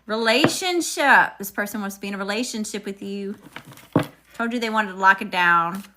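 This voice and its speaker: A woman's voice: mid-range voice, moderate pace, background noise. A woman doing a live tarot reading, chatting with viewers and calling out upbeat greetings. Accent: regional accent, unnamed. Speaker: tarot reader.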